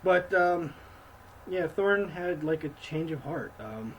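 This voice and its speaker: A man co-hosting a casual film review chat, rambling and swearing, acting out scenes in quick mock voices. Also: a little high, lively intonation, a little hiss or hum, low-quality recording.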